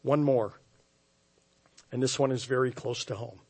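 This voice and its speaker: A man preaching a sermon as pastor, telling a story with wry, self-mocking humor and swinging from hushed tones to loud outbursts. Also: mid-range voice, fairly even intonation, unhurried, husky. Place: church sanctuary.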